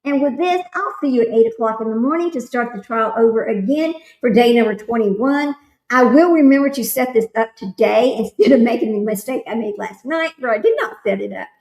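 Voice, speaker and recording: Woman host, slightly high voice, loose chatty livestream talk, roomy echo. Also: lively intonation, fairly quick, a little mellow. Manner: reads aloud, then chats loosely with viewers. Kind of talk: casual livestream commentary.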